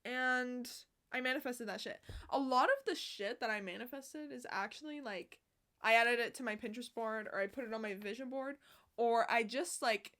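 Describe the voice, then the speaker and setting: A young woman chatting casually to camera as a vlogger, bubbly and swearing a lot, with bursts of loud laughter and whispered asides. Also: fairly high pitch.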